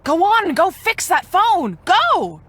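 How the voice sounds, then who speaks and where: An actress voicing a frantic adult woman storm researcher in a video game, giving rushed, bossy orders. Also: very high voice, huge pitch swings, fairly bright tone, no echo, full character voice. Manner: rushed, bossy, hurried instructions.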